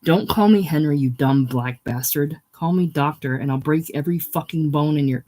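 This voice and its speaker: A man doing a raging doctor hauled off down a hospital hall, yelling and ranting and close to breaking into tears, in a slightly high, strained voice. The fury runs loud and ragged all through, as a book reader voices him. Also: normal speed, close to an everyday voice. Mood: enraged. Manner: shouting, ranting, near tears. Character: furious male doctor committed to a psych ward.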